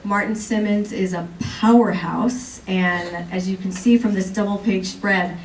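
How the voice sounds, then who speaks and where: A woman's voice: mid-range voice, a little slow. A woman on a comics convention panel, chatty and playful as she teases the crowd. She is caught from the audience, far from the mic, with the hall ringing around her. Faint hall noise sits underneath. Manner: lively, joking, chatty with the audience. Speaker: comics editor presenting on a panel. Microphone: recorded from the audience by a far camera.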